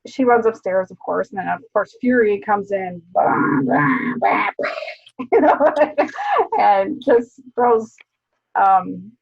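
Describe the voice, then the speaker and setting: A woman co-hosting a casual book club chat, retelling scenes in an animated way with laughs and swearing. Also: medium pitch, slow, creaky, slightly rough. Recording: dull lo-fi sound.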